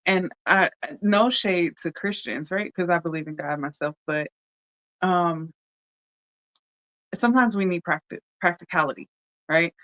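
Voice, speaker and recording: A podcast host in a heartfelt solo talk, speaking openly and directly to the audience and often asking "right?" between thoughts. The voice is smooth and resonant. The recording is close and dry, with no room sound. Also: mid-range voice, pushed and bright, no room sound, rough recording. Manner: candid, talks straight to listeners, often checks in with "right?"; pauses with frequent ums. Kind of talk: casual heartfelt podcast monologue.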